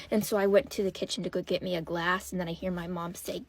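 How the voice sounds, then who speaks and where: A woman's voice: on the low side, quick pace, no echo. Chatty woman, dry close sound. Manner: chatty, animated, conversational. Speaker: storyteller. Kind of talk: casual storytime.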